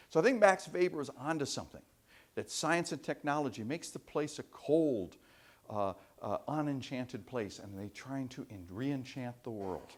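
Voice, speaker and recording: A man giving a university lecture, telling anecdotes in an animated way with frequent restarts. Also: mid-range voice. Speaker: professor giving a guest lecture.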